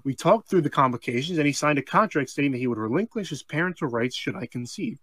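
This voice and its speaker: A man co-hosting a comedy podcast, reading a strange story aloud, breaking off for deadpan asides and laughing mid-sentence. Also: fairly high pitch, fast talker, no room sound. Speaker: podcast co-host.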